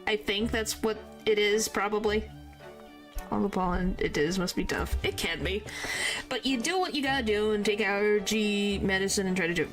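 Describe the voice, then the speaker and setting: A woman's voice: mid-range voice, normal speed, faint music behind. A woman streaming a video game, chatting casually and playfully, trying out character voices. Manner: playful, tries out voices, mild exclamations.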